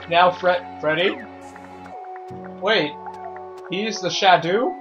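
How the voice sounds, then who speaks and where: Excitable jokey let's play host. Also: male voice, high-pitched, moderate pace, dull audio, faint music behind. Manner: excitable, jokey, reads dialogue aloud. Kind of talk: gameplay commentary.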